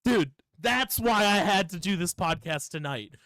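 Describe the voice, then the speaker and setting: A man's voice: high voice, animated, unhurried, pushed and bright, no echo, low-quality recording. A young man co-hosting a podcast, tipsy and ranting with lots of swearing as he tells a story. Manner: profane, ranting, acts out quoted people. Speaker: podcast co-host. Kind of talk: casual podcast chat.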